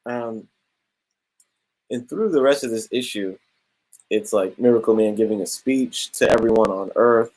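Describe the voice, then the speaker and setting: A young man casually reviewing a comic book, talking in a relaxed, slangy way. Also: lowish voice, measured pace, pauses often, poor audio. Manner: laid-back slangy, drops "bro" and "straight up".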